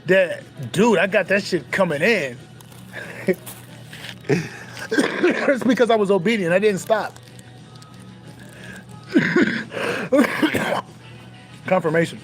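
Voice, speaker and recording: Young man, high voice, emphatic and profane spiritual monologue, faint music bed. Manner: profane, emphatic, repeats phrases. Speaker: spiritual content creator.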